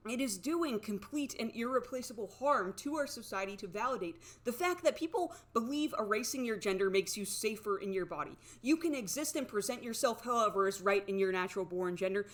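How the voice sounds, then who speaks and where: A young woman comedian delivering an indignant, escalating monologue, full of swearing and raised outbursts. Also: a little high. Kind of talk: ranting monologue.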